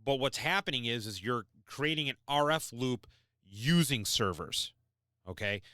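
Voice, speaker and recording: A man's voice: medium pitch, lively intonation, a little slow, sharp tone, dry recording, studio quality. A man hosting a podcast, explaining things in a blunt, repetitive, emphatic way. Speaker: podcast host. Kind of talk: explanatory talk.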